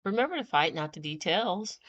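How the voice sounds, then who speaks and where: A woman's voice: on the low side, sing-song, brisk, a bit bright, muffled recording. A middle-aged woman, the host's mother, chatting casually with short replies and frequent laughter. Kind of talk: casual chat.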